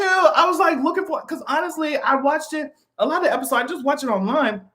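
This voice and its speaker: A man talking in a casual commentary vlog, animated, swearing freely and laughing often. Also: very high-pitched, brisk, few pauses. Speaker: vlogger.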